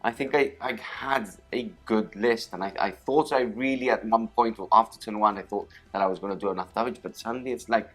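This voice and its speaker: A man's voice: on the low side, steady tone, brisk, few pauses, a bit bright, soft background music. A man chatting casually about a tabletop wargame he just lost, rambling with a wry tone. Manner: rambling, many restarts and fillers, wry. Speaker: wargame player.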